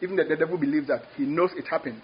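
Male preacher, husky and fairly high voice, emphatic sermon delivery, dull lo-fi recording. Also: racing. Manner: emphatic, repeats words, rising exclamations.

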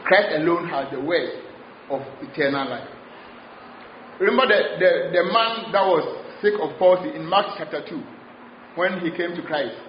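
A man preaching a sermon in a gentle way, often repeating his words and switching between English and Twi. His is Twi. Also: on the high side, moderate pace. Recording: muffled, roomy recording with faint noise.

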